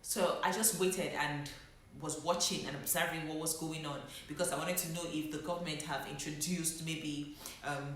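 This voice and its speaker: A woman's voice: low-pitched, bright, forceful tone, a little hiss or hum. A young woman, a doctor, telling her own story in a reflective way and holding back emotion. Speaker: medical doctor. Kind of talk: personal vlog storytelling. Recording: very echoey room.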